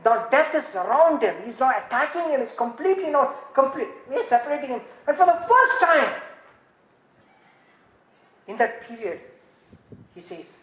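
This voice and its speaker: A woman preaching a sermon, swinging dramatically from hushed tones to shouting. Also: high-pitched, sing-song, normal speed, long pauses. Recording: echoey room, faint ambient noise.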